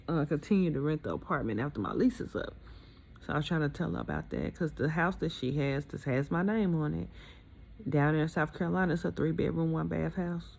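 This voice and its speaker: A woman's voice: low voice, vocal fry, a little mellow. A woman candidly telling her own divorce story in casual, aggrieved storytelling. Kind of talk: emotional personal storytelling.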